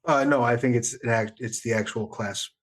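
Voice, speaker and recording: A man running a tabletop game as game master, pausing often with fillers while he works out damage rolls. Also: mid-range voice, fairly even intonation. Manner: halting, with many fillers while tallying damage.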